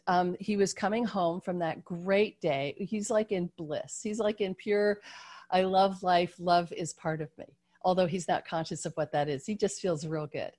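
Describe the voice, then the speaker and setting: A woman leads a group video call, teaching through a slowly unfolding story. Her delivery is gentle and unpolished, full of ums and restarts, and she sounds like she is talking into a video-call microphone. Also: medium pitch. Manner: gentle, with frequent fillers and restarts.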